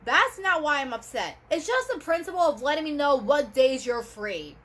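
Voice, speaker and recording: A woman vlogging in a casual, rambling way, piling on fillers as she talks to her camera. Her voice sits high and light. It sounds like an ordinary home video recorded on the camera's own mic. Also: expressive, normal speed, fairly bright tone. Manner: chatty and rambling, full of fillers. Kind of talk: casual vlog monologue.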